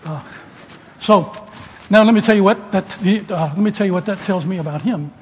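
An older man preaches a sermon to students, telling homespun stories and rising to loud emphasis. His voice sits a little high, and it rings with the long reverb of a big hall under a faint hum of room noise. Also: moderate pace.

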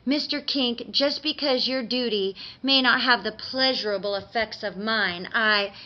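A woman voicing a tearful, pleading female tooth fairy who wails high, on a dull lo-fi recording. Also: a little slow, pushed and bright. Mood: distraught.

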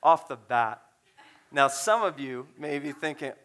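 A man who is a pastor, telling a story in a sermon in a conversational, animated way with fillers. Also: on the high side, measured pace.

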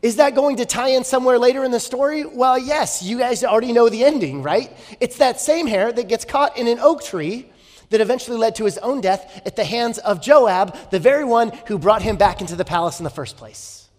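Male pastor, high voice, story-driven sermon with rhetorical questions; long reverb of a big hall. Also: animated, brisk. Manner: storytelling, rhetorical questions, shifts from loud to hushed.

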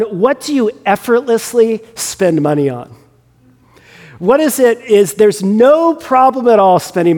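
A man's voice: high-pitched, darkish tone, long reverb tail. A man preaching a sermon as a pastor, talking conversationally and often restarting and repeating words.

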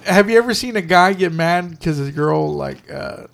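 A man's voice: sits high, animated, normal speed, creaky, a bit bright. A man in casual, joking chat with a friend while they watch a movie, telling stories and swearing freely. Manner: joking, storytelling, profane.

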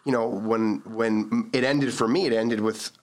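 A man hosting a podcast, chatting casually in a reflective, measured way. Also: on the low side, fairly even intonation. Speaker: podcast host.

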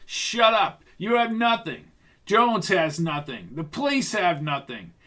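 A man's voice: high voice, very animated, takes it slowly, bright, forceful tone, pitched above the performer's own voice, full character voice. A man voicing a smug, evasive male professor under suspicion in an audiobook mystery. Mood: defiant.

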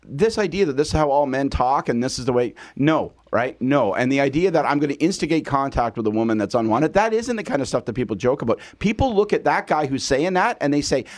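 A man from Eastern Ontario giving blunt, animated opinions on a radio panel, acting out quoted voices. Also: medium pitch, quick pace, few pauses. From Eastern Ontario, Canada.

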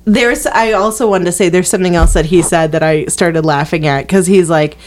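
A woman's voice: on the low side, fairly quick, slight background noise. A young woman who reviews movies, chatting casually with many fillers and small laughs. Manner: hesitant, many fillers, self-aware laughs. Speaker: movie critic co-host. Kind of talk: casual chat.

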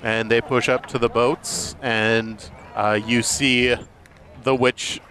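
A man narrates a tabletop game as game master. He talks casually and halts often, with an everyday mid-range voice. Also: medium pitch. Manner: relaxed, halting narration with fillers.

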